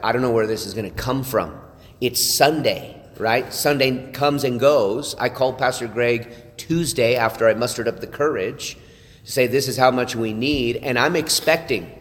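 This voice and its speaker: A man's voice: medium pitch, big-room sound. A man telling a church group an earnest personal testimony, with frequent restarts and asides of "right?". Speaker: church leader sharing testimony.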